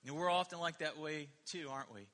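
A male pastor preaches with animated emphasis and keeps turning to his listeners with questions. His voice is slightly high and very bright, almost piercing. A long reverb from a large church sanctuary trails each phrase. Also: brisk. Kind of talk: sermon.

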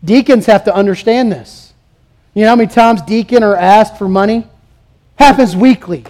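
Male pastor with a high voice, preaching emphatically and questioning his listeners. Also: moderate pace, darkish tone. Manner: emphatic, rhetorical questions, acts out quoted voices. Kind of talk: sermon.

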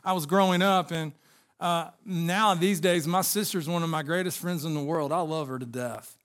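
Male pastor, high-pitched, earnest preaching with personal stories. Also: fairly even intonation, normal speed, fairly bright tone. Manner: earnest, storytelling preacher addressing congregation. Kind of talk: sermon.

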